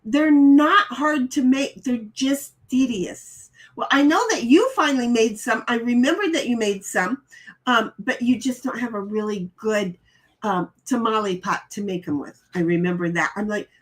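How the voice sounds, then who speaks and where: A woman's voice: fairly high pitch, normal speed. A middle-aged woman hosting a casual live stream, reading chat messages aloud and chatting about them with frequent stammered restarts.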